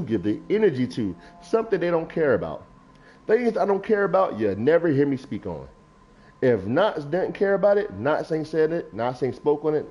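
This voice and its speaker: A man's voice: on the high side, mellow, breathy edge. A young adult man, a gaming streamer, riffing casually and preachily about feelings while reading chat aloud. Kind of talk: casual livestream talk. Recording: lo-fi stream mic.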